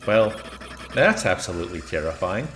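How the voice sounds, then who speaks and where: A man's voice: low-pitched, big pitch swings, normal speed, fairly bright tone, echoey room, soft background music. A man streaming a video game, casually chatting with viewers and laughing at himself. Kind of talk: casual gameplay commentary.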